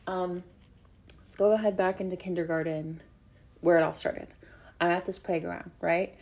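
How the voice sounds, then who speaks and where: A young woman with a somewhat low voice hosts her own show in a loose, chatty way. She rambles through her stories, piling on fillers and tossing in swear words when flustered. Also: fairly even intonation, normal speed, vocal fry, darkish tone. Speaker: podcast host. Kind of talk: casual storytelling chat.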